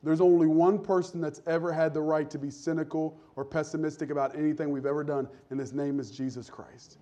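A man preaching a sermon in a conversational, humorous way, acting out people in quick voices. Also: fairly high pitch, fairly even intonation, warm tone. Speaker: pastor.

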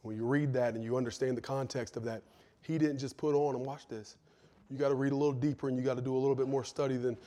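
A man preaching a sermon with fervent delivery, moving from loud pleading to hushed intensity. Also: mid-range voice, steady tone, quick pace.

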